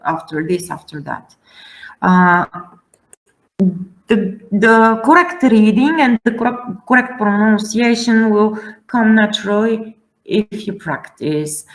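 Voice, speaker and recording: A woman teaching a Latin pronunciation class, speaking slowly with frequent hesitations and fillers. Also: medium pitch, poor audio. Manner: slow, halting, many fillers. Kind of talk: classroom lecture.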